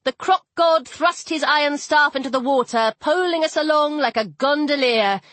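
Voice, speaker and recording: A woman narrating an audiobook in the first person with lively, wry storytelling. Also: sits high, normal speed, dry recording.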